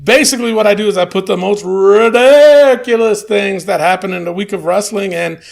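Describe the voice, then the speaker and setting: A man with a fairly high voice and a gravelly, creaky edge, co-hosting a casual wrestling podcast. He talks in a loose, laughing way, pausing on fillers as he rates the shows. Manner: laid-back, laughs often, hesitant with fillers. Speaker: podcast co-host.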